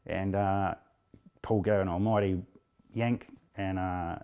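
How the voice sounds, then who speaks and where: A man's voice: low voice, fairly even intonation, takes it slowly, mellow, clear, resonant tone. A middle-aged man with a New Zealand accent, recounting a rescue in plain, blunt words during an interview. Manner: plain-spoken, blunt storyteller.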